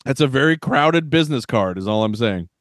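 A man in his thirties co-hosting a podcast, joking about old movies in a wisecracking, animated way and laughing often. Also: medium pitch, fairly quick, no room sound, clean studio sound. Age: 30s. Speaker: podcast co-host. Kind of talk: casual movie-review chat.

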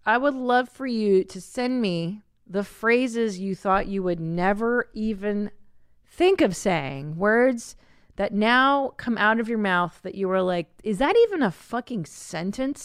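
A woman's voice: medium pitch, clean tone, no room sound, clean studio sound. Foul-mouthed woman in her forties chatting. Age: 40s. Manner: swearing, animated, quick tangents. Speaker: podcast host. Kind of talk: casual comedic chat.

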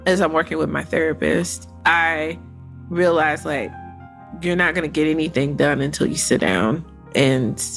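A woman's voice: deep voice, normal speed, vocal fry, soft background music. A woman podcast host speaking candidly and emotionally in a conversational interview.

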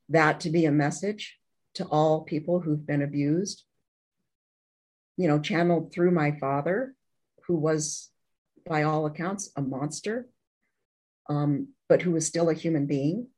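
A woman's voice: low voice, rough recording. Earnest woman telling a personal story. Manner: candid and earnest, with halting restarts. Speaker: interview guest.

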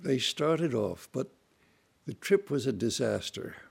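Gravelly older man telling old stories. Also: medium pitch, expressive, slow. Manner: leisurely anecdotal storytelling, acts out others' voices and sounds. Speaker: storyteller recalling his childhood. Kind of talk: unscripted reminiscing monologue.

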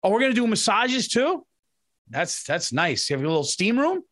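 High-voiced excitable man rambling in chat. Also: normal speed. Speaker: podcast co-host. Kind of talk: casual chat.

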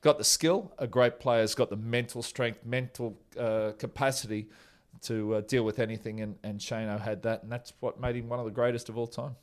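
A man's voice: medium pitch, fairly even intonation, normal speed, few pauses. A man, telling casual stories about a former teammate in an interview, chatty and laid-back. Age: 40s.

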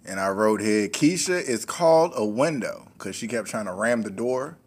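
A man's voice: on the low side, expressive, normal speed. A man co-hosting a casual podcast, recapping a movie scene by scene, swearing freely and laughing often. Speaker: podcast co-host.

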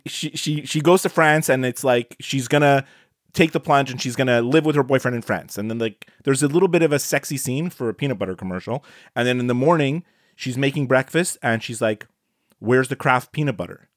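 Excitable stammering man on a dry mic. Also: mid-range voice, fairly quick, dry recording. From Canada. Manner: excitable, stammering restarts, laughs often. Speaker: podcast co-host. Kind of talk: casual chat.

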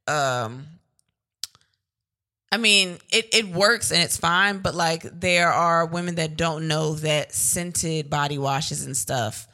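A woman's voice: sits low, takes it slowly, sharp tone. A young woman co-hosting a podcast, talking candidly in casual chat with lots of fillers. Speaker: podcast co-host.

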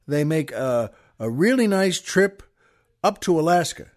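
High-pitched male podcast host, rambling, stammering joke-teller. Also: big pitch swings, a little slow. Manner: rambling, with frequent restarts and stammers. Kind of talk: casual chat and joke telling.

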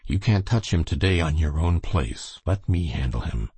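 A man voicing a rustic horseman, drawling, sly, husky, dry close sound. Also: extremely low pitch, animated, moderate pace, dark tone, no echo, exaggerated voice.

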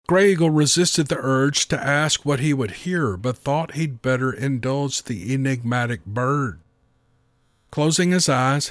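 Steady male storybook narrator. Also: medium pitch, dry recording.

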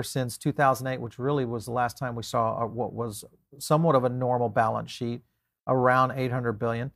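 A man's voice: medium pitch, gravelly. A man hosting a finance interview, asking questions in a conversational, somewhat hesitant way. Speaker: host.

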